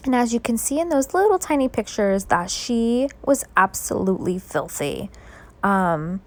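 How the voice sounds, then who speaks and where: A woman, sleepy and yawning, chatting through a rambling, filler-heavy late-night craft voiceover. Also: fairly high pitch. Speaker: scrapbooking video creator. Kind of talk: casual voiceover narration. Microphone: voice-over.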